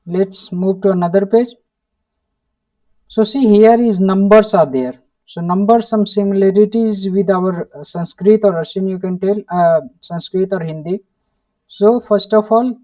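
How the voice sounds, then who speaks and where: This mellow, medium-pitched voice belongs to an Indian language teacher with an Indian English accent, recorded from some distance. Teaching online, the speaker says every word repeatedly and prompts with an inquiring "hmm?".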